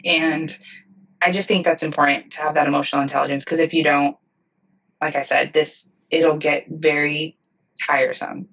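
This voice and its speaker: Thirties woman, nurse leader, earnest storyteller, lowish voice, a bit off mic. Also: level tone, normal speed, fairly bright tone, distant mic, poor audio. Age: 30s. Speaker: director of nursing, podcast guest. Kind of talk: conversational podcast interview.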